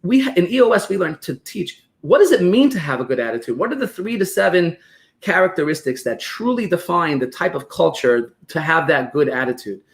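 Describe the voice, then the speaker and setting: A man with a New York accent talks at a rapid clip in a fairly high voice. He tells animated stories and acts out quotes as a guest on a podcast interview, speaking over a remote call. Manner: animated, fast storytelling with acted-out quotes. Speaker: guest expert on business operations. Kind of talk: podcast interview, explaining with examples.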